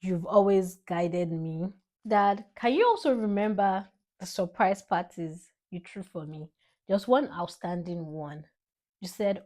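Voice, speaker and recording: A young woman from Nigeria with a Nigerian English accent, speaking a rambling, heartfelt tribute to her father with sudden bursts of excitement. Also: lowish voice, moderate pace. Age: young adult. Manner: emotional, rambling, animated spikes of excitement. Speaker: vlogger.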